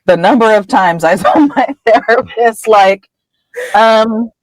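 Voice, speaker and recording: Slow, lively woman host bantering. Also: mid-range voice, no room sound, poor audio. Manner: bantering, swears, mimics people. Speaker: podcast host. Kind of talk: casual chat.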